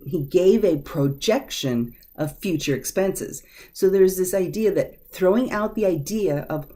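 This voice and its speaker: A woman teaching a vocabulary lesson, sounding out words slowly and carefully. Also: fairly low pitch, dark tone. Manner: slow, careful over-enunciation of words.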